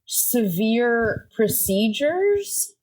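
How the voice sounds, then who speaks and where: A woman's voice: a little high, sing-song, drawn-out words, darkish tone. A young woman, a comedian guest on a podcast, telling a rambling, self-deprecating story in casual chat.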